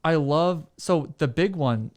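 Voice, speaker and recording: A man's voice: on the high side, darkish tone. Chatty man full of filler words. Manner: quick to laugh. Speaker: guest piano teacher. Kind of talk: casual podcast chat.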